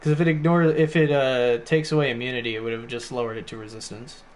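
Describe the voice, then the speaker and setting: A man's voice: medium pitch, fairly even intonation, quick pace. A man acting as game master, casually narrating a tabletop game and laughing often as he checks rules. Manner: laid-back, laughs often, rule checks mid-sentence.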